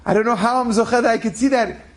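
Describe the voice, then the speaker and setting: A man doing an awestruck young boy. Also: fast talker. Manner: breathless, awestruck, high-pitched. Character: frightened excitable young boy, nine or ten.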